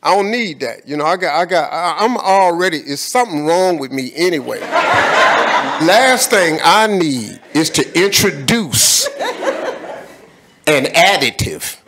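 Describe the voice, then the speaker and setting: A man's voice: a little high, lively intonation, measured pace, noisy background. A man speaking as a guest in an on-stage conversation, talking in an emphatic, colloquial way with preacher-like repetition.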